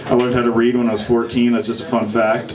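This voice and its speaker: A man's voice: medium pitch, level tone, fast talker. A young man doing a rambling, self-deprecating stand-up set in a small bar. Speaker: stand-up comedian. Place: small bar with live crowd. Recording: echoey room, crowd noise.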